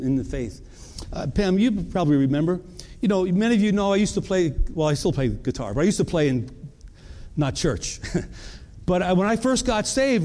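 A man with a fairly high voice preaches to his congregation. He speaks earnestly, leans on rhetorical questions and often restarts a phrase mid-thought as he works toward his point. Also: a little mellow. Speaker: pastor. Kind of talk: sermon.

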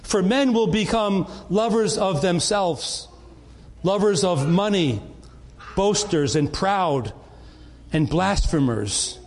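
A man's voice: sits high, a little mellow. A middle-aged man, preaching a sermon to his congregation in an earnest, conversational way with frequent restarts. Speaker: pastor.

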